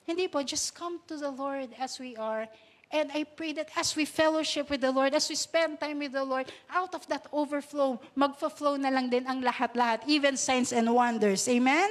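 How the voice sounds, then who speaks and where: A woman's voice: high-pitched, normal speed. A woman pastor with a Filipino accent preaching a sermon, moving between Tagalog and English, laughing often and drawing out quoted lines.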